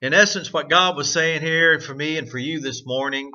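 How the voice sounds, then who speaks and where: A man's voice: a little high, normal speed, pushed and bright. A man hosting a morning devotional, telling a story earnestly with many fillers. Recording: dull lo-fi sound.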